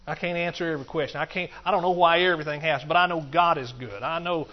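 A man's voice: a little high, fairly even intonation, quick pace. A man preaching a sermon, repeating phrases in a rhythmic build and dropping in hallelujahs. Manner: rhythmic, repetitive, punctuated with hallelujahs. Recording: dull, muffled recording.

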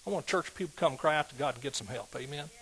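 A husky-voiced male preacher delivering a sermon, building his repeated calls into loud exhortations. His voice sits a bit higher than most men's. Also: racing, rough recording. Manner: emphatic, rising to loud exhortation. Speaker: pastor.

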